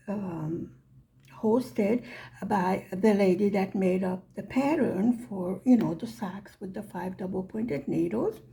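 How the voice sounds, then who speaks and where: Female vlogger, mellow gravelly voice, unhurried chatty storytelling. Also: mid-range voice. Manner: chatty, self-deprecating, acts out quoted dialogue. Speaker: knitting vlogger. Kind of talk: casual storytelling.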